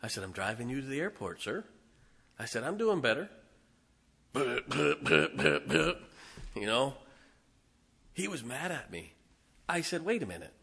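Bright, folksy male preacher. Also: medium pitch, big pitch swings, unhurried, pauses often, husky. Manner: folksy, humorous storytelling with swings in volume. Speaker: pastor. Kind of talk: sermon.

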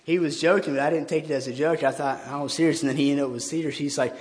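A man's voice: on the high side, fairly even intonation, fast. A man giving an earnest, informal sermon in place of his pastor, talking conversationally and often restarting his words. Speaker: lay church member preaching in the pastor's place. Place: church sanctuary. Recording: long church-hall reverb.

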